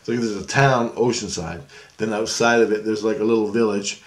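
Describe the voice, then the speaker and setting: A man's voice: on the low side, steady tone, moderate pace. A man telling a rambling story to camera in a casual way, laughing often and losing his thread. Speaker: vlogger.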